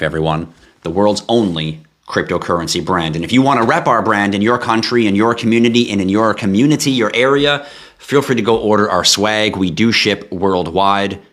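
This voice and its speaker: A man hosting a live stream, chatting casually and with animation straight to his viewers. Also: low-pitched. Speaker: livestream host.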